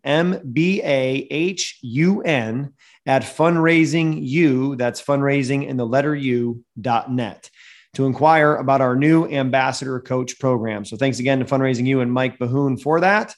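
A man hosting a podcast and speaking at a seminar, with an energetic, motivational delivery. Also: medium pitch. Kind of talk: seminar talk.

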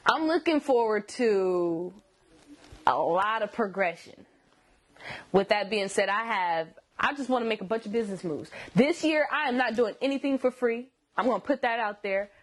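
A woman's voice: mid-range voice, animated, moderate pace. A young adult woman, a singer, talking as an interview guest in a casual, self-assured way, often laughing and slipping into sarcastic asides.

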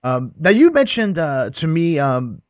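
A man's voice: on the high side, big pitch swings, unhurried, darkish tone, dry recording. A man hosting an interview in a playful, joking way. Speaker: interview host. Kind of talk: casual interview chat.

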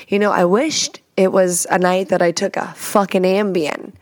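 A woman podcast host telling a story in casual, confessional chat. She talks frankly and profanely, in an animated way, and laughs often. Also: mid-range voice, normal speed, hardly any pauses, no room sound.

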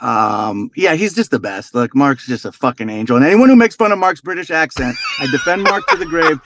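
In a dry recording, a middle-aged man with a fairly high pitch speaks a little fast as he trades stories on a podcast as a guest. His tales are loose and crude, and he tells them with animation, swearing freely throughout the casual chat.

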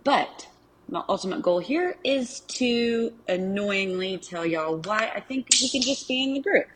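A woman's voice: mid-range voice, lively intonation, a little slow, a little hiss or hum, low-quality recording. A woman with a strong Arkansas accent, a listener sending a chatty, folksy, self-teasing recorded message to a podcast.

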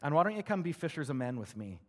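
A man preaching a sermon as a pastor, in an energetic, conversational way full of rhetorical questions. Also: fairly high pitch, fast.

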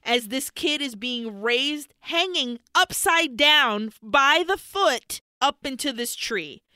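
A woman's voice: sits high, slow pace, clean tone, no room sound, clean studio sound. A woman co-hosting a podcast, animatedly retelling a film plot with lots of swearing and bits of Spanish. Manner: animated, profane storytelling with Spanish slipped in. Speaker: podcast co-host. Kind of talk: casual film recap.

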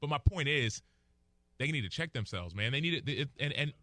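A man in his thirties, a football analyst, giving lively, playful sports talk on radio. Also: mid-range voice, fairly quick, no room sound. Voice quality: animated, playful, breaks into a mock accent and laughs. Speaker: NFL analyst guest.

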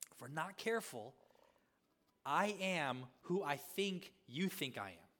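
A man preaching a sermon as a pastor, repeating rhetorical questions and swinging between loud emphasis and hushed asides. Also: a little high, very animated, measured pace, big-room sound.

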